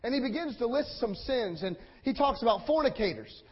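A man's voice: very high-pitched, animated, a little fast, breathy edge. A man preaching a sermon with passion, repeating phrases in rhetorical build-ups and acting out the quotes. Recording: dull lo-fi sound.

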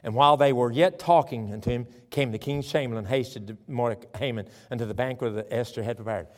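A male pastor preaching a sermon, telling a scripture story in a lively way and reading verses aloud. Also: medium pitch, fast. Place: church sanctuary. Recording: long church hall reverb.

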